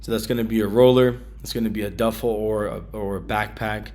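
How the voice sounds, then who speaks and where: A man vlogging about his travel gear in a casual, slangy way, with many ums and bursts of excitement. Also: fairly low pitch, fairly quick.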